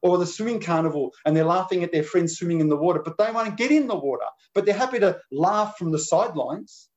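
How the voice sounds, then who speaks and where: A man's voice: high-pitched, fast talker, highs cut off. A man preaching a sermon in an earnest, conversational way, often restarting his phrases.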